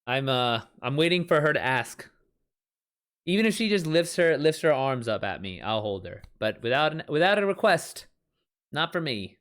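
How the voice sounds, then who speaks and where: A man's voice: a little high, big pitch swings, moderate pace, fairly bright tone. A man chatting casually during a live stream, talking frankly and often correcting himself mid-sentence. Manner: rambling, frequent self-corrections. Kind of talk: casual chat.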